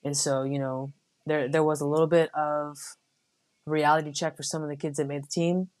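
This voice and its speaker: Relaxed and filler-heavy, a young U.S. woman who serves as a Marine officer shares stories as an interview guest. Her voice is low, her pace moderate, and the conversation is casual.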